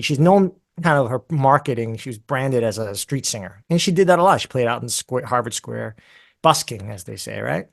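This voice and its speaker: A man, a guest musician, telling a long story in an interview in a casual, animated way with many fillers and asides. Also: mid-range voice, normal speed, vocal fry.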